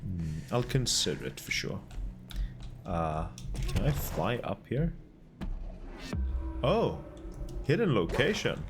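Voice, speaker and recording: A man streaming a video game, chatting casually and musing to himself with a relaxed, dryly sarcastic manner. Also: lowish voice, slow, long pauses, music in the background. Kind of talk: casual gameplay commentary.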